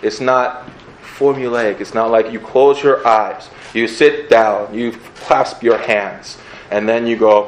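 A man's voice: mid-range voice, steady tone, slow, a little hiss or hum, low-quality recording. Playful young man preaching. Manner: conversational and playful, acting out little scenes. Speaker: pastor. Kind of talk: casual sermon.

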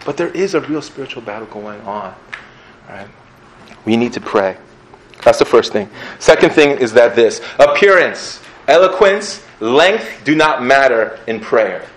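A male pastor giving a sermon in a conversational, earnest way, with an animated delivery. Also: medium pitch, a little slow, rough recording.

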